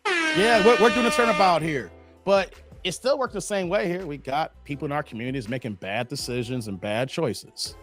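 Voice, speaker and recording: A man with a high, lively voice holds forth on his livestream, blunt and animated as he talks straight to his chat. Faint music sits quietly under his voice. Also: moderate pace. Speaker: livestream host. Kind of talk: casual livestream commentary.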